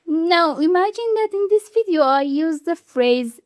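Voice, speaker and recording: A non-native English-speaking woman hosting a YouTube commentary, explaining in an animated, indignant way. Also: very high voice, measured pace, no room sound, clean studio sound. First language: not English. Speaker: YouTube channel host. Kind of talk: video commentary.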